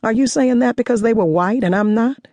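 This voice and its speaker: A woman voicing a confident, sharp-witted woman chemist who speaks in a dry, teasing, self-assured way in an audiobook. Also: fairly high pitch, brisk, no echo, voice pushed up, natural voice.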